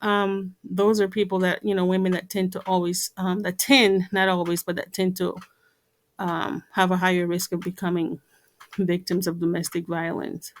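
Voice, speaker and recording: A woman's voice: on the low side, flat delivery, normal speed. A woman giving an earnest talk to camera, repeating herself and using many fillers. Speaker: vlogger.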